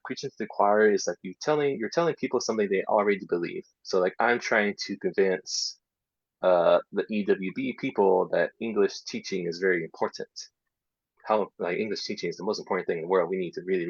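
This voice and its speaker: Deep gravelly man giving a workshop talk. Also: no echo. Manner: explains step by step, drops into soft half-whispered asides. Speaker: English teacher trainer. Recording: dull lo-fi sound.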